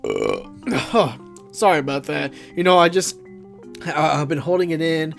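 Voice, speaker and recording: A man's voice: fairly high pitch, very animated, a little slow, creaky, faint music behind. A man hosting a late-night comedy podcast, chatting with hesitant, laughing delivery. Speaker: podcast host. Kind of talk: comedic skit chat.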